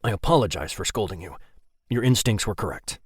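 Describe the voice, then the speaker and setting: A man voicing a gruff, protective father figure who speaks in few words. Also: lively intonation, brisk, no echo, studio quality. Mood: tender. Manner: gruff, terse, low-spoken.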